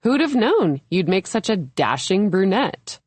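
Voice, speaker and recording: A woman narrator voicing an eager, gushing young woman friend in an audiobook thriller, raising her voice higher and brighter. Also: big pitch swings, unhurried, no echo. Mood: coaxing, upbeat.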